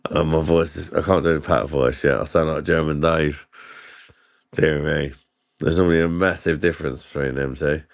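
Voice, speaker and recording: A man's voice: very deep voice, fairly even intonation, normal speed, vocal fry. A man drinking and joking through a casual livestream, reading comments aloud and laughing often. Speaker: livestream host.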